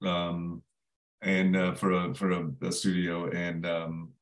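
A man's voice: sits low, monotone, slow pace. A man, a screenwriter guest, chatting in an interview in a jokey, emphatic way with frequent restarts. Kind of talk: casual interview chat.

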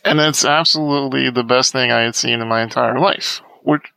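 A man telling a story as a podcast guest, lively and acting out the voices of the people in it. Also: mid-range voice, brisk, creaky, clean tone, no room sound, low-quality recording. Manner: animated storyteller acting out quoted dialogue. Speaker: guest, accessibility advocate. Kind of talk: conversational storytelling.

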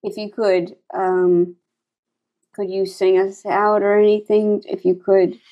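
A woman's voice: medium pitch, level tone, takes it slowly, lo-fi sound. A woman co-hosting a comedy podcast over a video call, hesitant and full of fillers and restarts. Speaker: podcast co-host.

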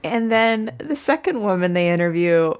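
A woman's voice: medium pitch, expressive, normal speed. A woman co-hosting a comedy podcast, recapping a show in casual chat and laughing often. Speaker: podcast co-host.

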